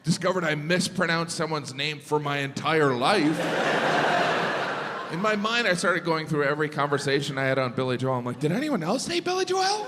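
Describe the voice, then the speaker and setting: A man's voice: fairly high pitch, vocal fry, heavy background noise. A male stand-up comedian on stage, with a wry, exasperated observational delivery into a handheld mic. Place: live venue on stage. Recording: echoey hall with loud ambience.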